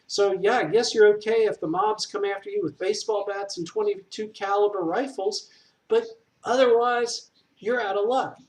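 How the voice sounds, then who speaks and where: A man's voice: sits high, a little mellow. Blunt, opinionated man. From Southern US. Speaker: structural engineer. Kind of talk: casual explanatory monologue.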